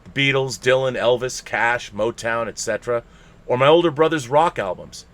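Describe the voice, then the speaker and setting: A male podcast host reads a listener's letter aloud in a playful, theatrical manner, laughing now and then. His voice sits at an ordinary middle pitch. It is the relaxed reading of a live-streamed show. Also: moderate pace.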